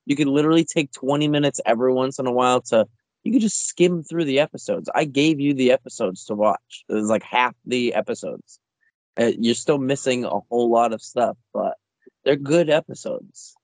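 A man's voice: mid-range voice, moderate pace, a little mellow, no echo. Stubborn teasing podcast man. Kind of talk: casual chat.

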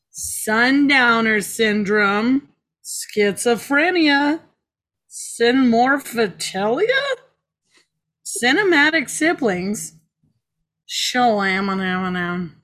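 A woman's voice: a little high, lively intonation, extremely slow, long pauses, fairly bright tone. A woman in casual movie-review chat, sarcastic and swearing, acting out scenes. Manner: sarcastic, swears, acts out quotes.

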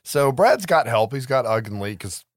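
This is a man in his thirties with a mid-pitched voice, recapping a film for his podcast co-host. He tells it like a story, swears freely, laughs often and acts out the characters' lines. The recording is dry and close. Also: very animated, moderate pace, no echo. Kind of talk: casual movie recap chat.

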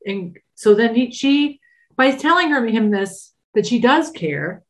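A woman's voice: on the high side, lively intonation, a little slow. A woman co-hosting a podcast, recapping a TV episode in a chatty, wry way with frequent filler words. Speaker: podcast co-host.

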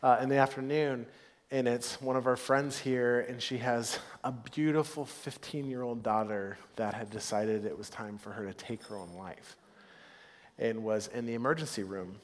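A man preaching as pastor in a church, earnest and heartfelt. He drops to hushed, soft stretches and rises to loud, upbeat ones. His mid-pitched voice rings with a long hall reverb. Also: fairly even intonation, normal speed. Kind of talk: sermon. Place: church sanctuary.

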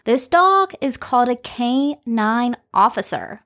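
A woman leads a children's alphabet lesson in a gently raised voice, taking her time. She stretches each letter sound out slowly and warmly encourages young listeners to repeat after her. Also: a little high, big pitch swings. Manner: slow, stretched-out phonics sounds. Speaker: children's podcast host and teacher. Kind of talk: slow, sing-song teaching for young children.

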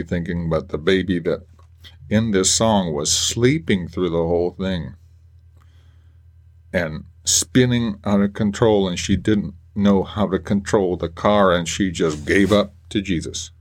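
A man hosting a faith podcast, talking earnestly and emotionally with halting restarts. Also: low voice. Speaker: podcast host. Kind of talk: personal faith podcast monologue.

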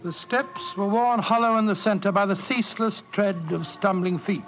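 An actor playing a proper doctor who narrates in a measured, dramatic way, in the style of a 1940s radio drama. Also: male voice, sits high, fairly bright tone. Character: earnest male doctor narrator, proper and upright. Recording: dull old radio recording with music.

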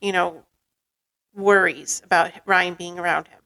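Animated woman co-host telling stories. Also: lowish voice, a little slow, gravelly. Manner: animated storytelling, laughs often, acts out quoted voices. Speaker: podcast co-host. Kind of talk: casual chat.

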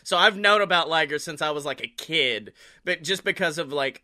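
Bright, high-voiced chatty man. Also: normal speed. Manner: animated, swears a lot, laughs often, does silly impressions. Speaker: podcast co-host. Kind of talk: casual wrestling chat.

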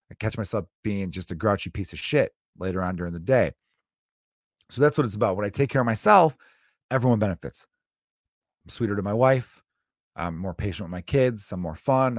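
A man's voice: lowish voice, no room sound, clean studio sound. A man in his thirties hosting his own podcast, talking casually and motivationally, with the odd swear word. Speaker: podcast host. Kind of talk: casual solo podcast monologue.

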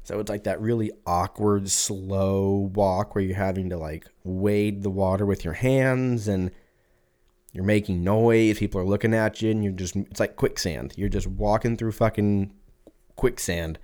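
With a low-leaning, slightly mellow voice, a steady tone and a measured pace, this man hosts a podcast. He drifts through a casual, foul-mouthed anecdote, performing other people's voices as he goes.

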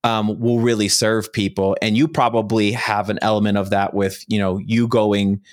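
A man with a low voice hosts a casual interview conversation. He asks reflective, probing questions in an easy, thoughtful way. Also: flat delivery, moderate pace. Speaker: podcast host.

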